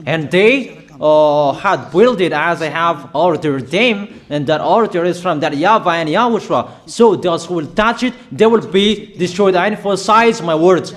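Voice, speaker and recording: Slow, higher-pitched male preacher. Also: lively intonation. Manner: slow, emphatic declaring with pauses and fillers. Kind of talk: prophetic sermon.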